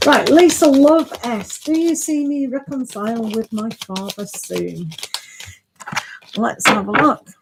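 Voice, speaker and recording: A woman's voice: medium pitch, background noise. A woman giving a casual tarot reading on a live stream, chatty and thinking aloud, laughing often.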